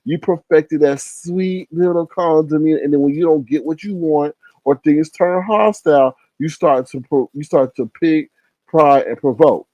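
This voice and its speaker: A middle-aged man commentating on a livestream, telling a story with expressive, acted-out quotes. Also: fairly high pitch, moderate pace, no echo, poor audio.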